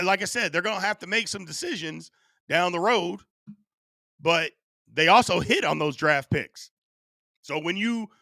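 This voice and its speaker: A man hosting a live sports stream, chatting casually and answering his chat, his voice going hoarse. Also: high voice, no room sound, studio quality. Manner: animated, reads and answers chat. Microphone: studio USB microphone.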